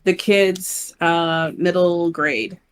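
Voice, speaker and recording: A woman's voice: on the low side, steady tone. A woman co-hosting a podcast in casual chat, talkative and hesitant with frequent ums. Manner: chatty, hesitant with frequent "um", quick to laugh. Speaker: podcast co-host.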